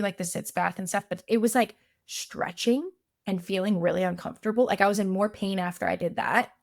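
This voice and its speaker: A woman's voice: mid-range voice, creaky, no echo, clean studio sound. A woman, a podcast guest, telling her story in a chatty, casual way, full of fillers and acted-out quotes.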